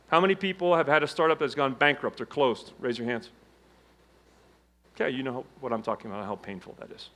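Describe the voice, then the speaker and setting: A middle-aged man giving a motivational keynote on stage, telling his story with dramatic swings between loud emphasis and hushed low tones. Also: expressive, a little fast. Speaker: keynote speaker. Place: conference stage before a live audience.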